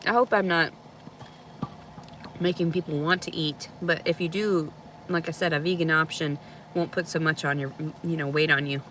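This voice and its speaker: A woman's voice: deep voice, fairly even intonation, normal speed, fairly bright tone. Woman, candid reality-show talker, outdoors with light traffic noise behind; easygoing, laughs easily. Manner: chatty and candid, laughs often, swears freely. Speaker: reality show subject reacting to viewer messages. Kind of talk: casual chat. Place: outdoors in a park.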